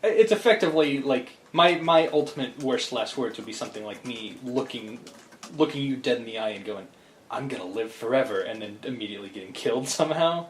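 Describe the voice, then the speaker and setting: A man's voice: mid-range voice, animated, fairly quick, slight background noise. A man co-hosting a podcast, chatting casually and rambling with enthusiasm, often restarting his thoughts. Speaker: podcast co-host. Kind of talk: casual chat. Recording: echoey room with faint ambience.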